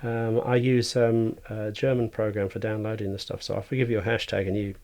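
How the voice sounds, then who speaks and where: A man's voice: lowish voice, flat delivery, brisk, a little mellow. A man, a light artist, chatting as a podcast guest, enthusiastic and rambling, with many restarts. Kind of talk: casual interview chat.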